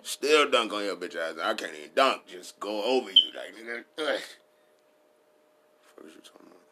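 A man's voice: fairly low pitch, animated, moderate pace, very noisy. A man riffing in a casual comedic style, rambling and profane, laughing at his own jokes.

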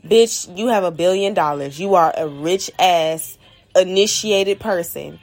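A woman's voice: on the low side, unhurried, faint music behind. A woman podcast host, ranting bluntly and profanely in a heated monologue.

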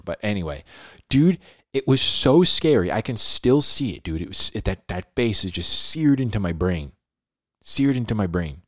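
Chill guy on a podcast telling a story, says dude a lot, dramatic pauses, dry close mic. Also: on the low side, no room sound. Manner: laid-back, peppers speech with "dude" and "like"; animated, dramatic retelling with pauses. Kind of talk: casual storytelling.

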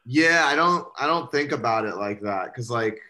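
Bright-voiced, rambling male comedian. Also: medium pitch, animated, moderate pace. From United States. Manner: rambling, many fillers, laughs often. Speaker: comedian guest. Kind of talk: casual podcast interview.

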